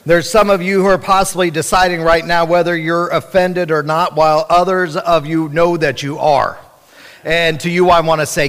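Man preaching to his church, pretty high voice, punchy and direct, big reverby hall. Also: little pitch movement, normal speed, a bit bright, clear, resonant tone. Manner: emphatic, direct address to the congregation. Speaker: pastor. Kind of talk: sermon.

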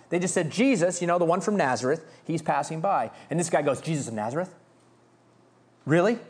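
A man preaching a sermon as pastor, reading scripture and acting out the beggar's cries with animated delivery. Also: high voice.

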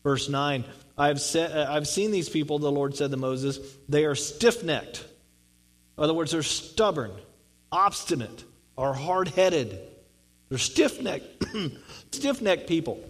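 A man's voice: a little high, expressive, a little slow, poor audio. A man preaching a sermon, reading scripture and explaining it in a conversational way, often repeating words for emphasis. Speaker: pastor.

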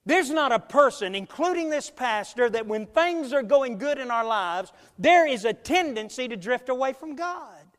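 A man preaching a sermon as pastor, emphatic, swinging between loud and quiet, speeding up and slowing down. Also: extremely high pitch, lively intonation, big-room sound. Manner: emphatic preaching with big swings in loudness and pace.

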